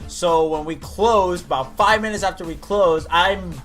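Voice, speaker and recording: A man's voice: high voice, a little slow, fairly bright tone, soft background music. A young man, a college student, casually telling a story to his viewers, swearing freely as he goes. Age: young adult. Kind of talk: story time commentary.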